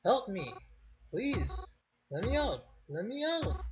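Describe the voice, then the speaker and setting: A man's voice: very animated, a little slow, a bit bright, slight background noise, full character voice. A man reading game dialogue aloud, voicing a nervous, polite young woman in a raised put-on voice. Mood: panicked. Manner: higher put-on voice, pleading when trapped.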